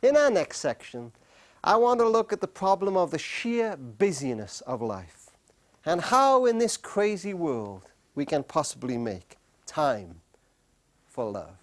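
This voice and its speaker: A middle-aged man with a notably high voice tells stories to a live audience. He speaks earnestly and slows down on key words, leaving pauses for weight. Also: sing-song. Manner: earnest, with slow emphatic pauses. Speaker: speaker on marriage. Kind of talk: storytelling talk to a live audience.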